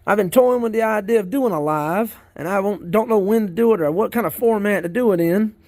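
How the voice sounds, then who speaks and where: A man's voice: high voice, brisk, darkish tone, no echo, studio quality. A man with a Southern US accent, a worm farmer chatting casually and rambling as he digs through his worm bins outdoors. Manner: folksy, rambling, talks while digging in worm bins. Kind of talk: casual chat.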